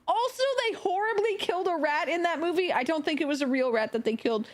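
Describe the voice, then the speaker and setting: A woman streaming live, chatting casually with viewers while she plays, animated, laughing a lot and swearing freely. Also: very high-pitched, quick pace. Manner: answers viewer chat while playing.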